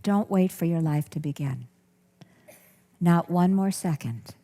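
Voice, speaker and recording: A workshop teacher gives an earnest talk to an audience, repeatedly rephrasing and repeating herself for emphasis. Her voice is lowish and mellow at a measured pace, with long hall reverb.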